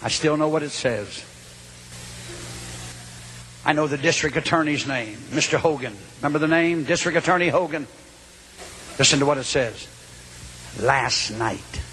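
An older male Pentecostal preacher with a high, ringing voice that climbs into shouts. He drops low for asides and then builds again. A faint hiss sits under the recording. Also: normal speed, long pauses. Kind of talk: Pentecostal sermon.

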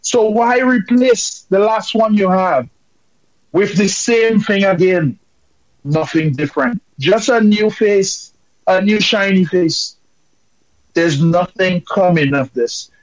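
A man's voice: sits high, slow pace, dry recording, muffled recording. A man from Dominica calling in with impassioned, emphatic political commentary.

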